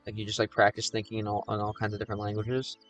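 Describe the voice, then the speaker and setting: A man's voice: fairly low pitch, completely flat delivery, racing, a bit bright, faint music behind. An American man livestreaming and chatting casually with viewers, reading their questions aloud. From United States.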